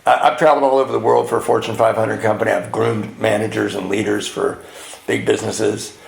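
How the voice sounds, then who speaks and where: A man sharing his twelve-step recovery story at a retreat, acting out dialogue and swinging between hushed and loud. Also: fairly low pitch, fairly even intonation, brisk, creaky, a little hiss or hum. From California. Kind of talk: twelve-step share to a live audience. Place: retreat hall with audience. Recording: roomy hall with faint ambience.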